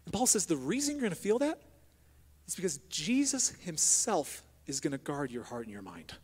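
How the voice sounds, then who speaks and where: Male pastor, high-pitched, delivers a sermon that swings from hushed prayer to loud emphasis, long hall reverb. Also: big pitch swings, moderate pace, breathy edge.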